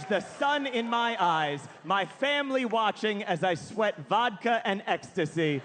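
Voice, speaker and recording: A man performing a self-mocking stand-up comedy routine before a live audience, building to shouted punchlines. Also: sits high, animated, a little slow, few pauses. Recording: noisy live stage recording.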